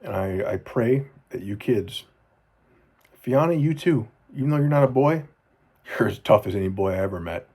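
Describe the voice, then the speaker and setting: Earnest low-voiced man in his forties. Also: animated, moderate pace, slightly rough. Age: 40s. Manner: earnest, heartfelt, often drops to a soft low voice; repeats phrases for emphasis. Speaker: father speaking to his children. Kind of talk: personal video journal.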